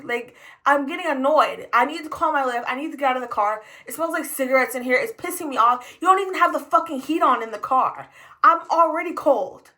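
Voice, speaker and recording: A young woman rants through a storytime, exasperated and swearing freely. Her voice sits high and sounds bright and sharp. She talks casually, like a hospital tech venting after a shift. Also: expressive, low-quality recording. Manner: exasperated, profane, fast ranting. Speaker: emergency department tech.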